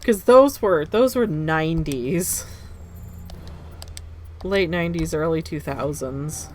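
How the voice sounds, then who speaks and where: A woman in her thirties, live-streaming a game and chatting in a casual, animated way that reacts loudly to the game. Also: low-pitched, slow, a little hiss or hum.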